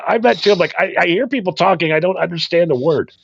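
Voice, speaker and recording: A man's voice: high voice, vocal fry, husky, dry recording. A man co-hosting a podcast in casual chat, laid-back and joking, swearing casually. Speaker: podcast co-host. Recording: dry, slightly dull recording.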